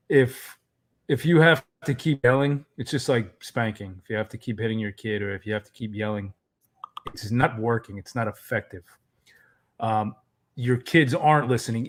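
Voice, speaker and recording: A man in his thirties co-hosting a live fatherhood Q&A, speaking in a reflective, easygoing way with frequent pauses to think. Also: medium pitch. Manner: reflective, many "um" fillers, easygoing. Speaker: co-host, fatherhood coach. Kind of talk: live Q&A advice talk.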